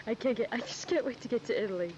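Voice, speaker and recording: A woman's voice: on the high side, darkish tone, dull audio, a little hiss or hum. A woman filming a home movie outdoors in a town, giggly and teasing, on the camcorder's own mic in 1989. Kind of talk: casual home video chat. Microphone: built-in camcorder mic.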